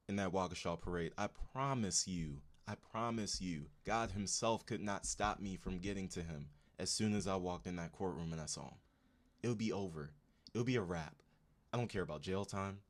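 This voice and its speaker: With a very low voice, a man hosting a casual livestream talks straight to his chat in loose slang, dropping plenty of "you know what I'm saying" asides. The tone stays laid-back, conversational, and personal.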